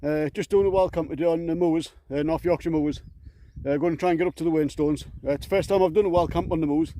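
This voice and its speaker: A man vlogging casually while hiking up moorland outdoors, out of breath and speaking haltingly with lots of fillers. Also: a little high, steady tone, warm tone. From England. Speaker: camping vlogger.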